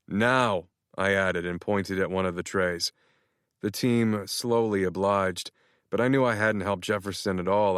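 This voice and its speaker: A male audiobook narrator with a fairly low voice, reading in the first person at a measured, even pace. He sits close to the mic. The sound is dry and free of any room echo.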